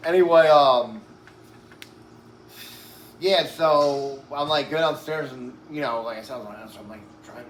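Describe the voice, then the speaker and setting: Pausing often and speaking a little slowly, a mid-range male voice rambles through a long casual story as an interview guest, swearing and leaning on "like" and "right?" He's a bit short of breath and uses oxygen. Faint background noise fills an echoey room.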